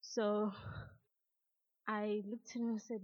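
Young woman sharing testimony, slow and flat, low-key mellow voice, dull far-off sound. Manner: quiet, hesitant, slow. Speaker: youth group member sharing. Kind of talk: personal testimony.

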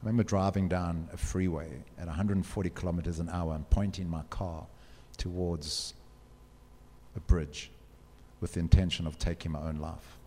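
A man's voice: sits low, steady tone, normal speed, dark tone, a little hiss or hum. Earnest man in a reverberant hall. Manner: earnest, direct, asks the audience questions. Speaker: speaker addressing students. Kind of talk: motivational talk.

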